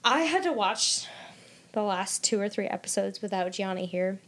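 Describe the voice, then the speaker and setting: A woman's voice: medium pitch, animated, moderate pace, fairly bright tone. A woman co-hosting a book podcast in casual chat, gushing and dramatic, with lots of "like". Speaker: podcast co-host.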